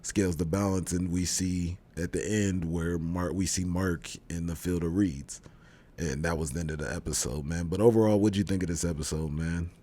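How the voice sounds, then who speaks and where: A man's voice: sits low, steady tone, normal speed, dark tone. A man co-hosting a review show, casually retelling scenes with lots of fillers and restarts. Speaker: podcast co-host reviewing a TV show. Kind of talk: casual chat.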